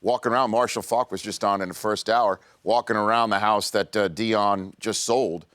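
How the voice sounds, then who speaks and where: A man hosting a sports talk radio show, asking a guest questions in a relaxed conversational way. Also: fairly low pitch, moderate pace, dry recording, clean studio sound. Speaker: radio host. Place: radio studio.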